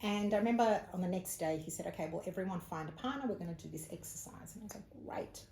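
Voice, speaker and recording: As an interview guest, the Australian psychic medium recounts a personal story in casual conversation, her fairly low voice moving fast. She animates it by acting out the people she quotes, and the echoey room picks up faint ambient noise.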